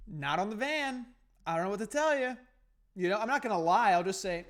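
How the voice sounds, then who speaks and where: A man's voice: sits high, lively intonation, normal speed. A man hosting a podcast, telling a story in casual, profane, heated rambling. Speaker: podcast host.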